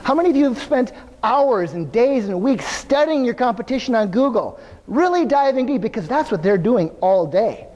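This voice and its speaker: A man's voice: very high-pitched, normal speed, lo-fi sound. A man giving a live motivational keynote, telling stories energetically and turning to the audience with questions. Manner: energetic storytelling with asides to the audience. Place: large venue before an audience. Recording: long hall reverb.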